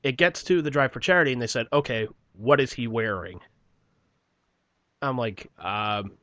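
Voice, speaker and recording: A man's voice: medium pitch, normal speed, pushed and bright, no room sound. A man with a New Jersey accent telling a long, profane story about an old job in a casual podcast chat. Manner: swears often, mocks people in put-on voices. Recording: dull lo-fi podcast audio.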